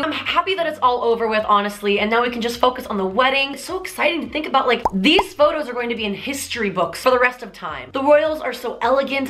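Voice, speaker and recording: A young woman in her twenties recapping celebrity news in a chatty vlog, gushing and animated. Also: high voice. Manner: gushing and animated, with sudden excited squeals. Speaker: vlogger.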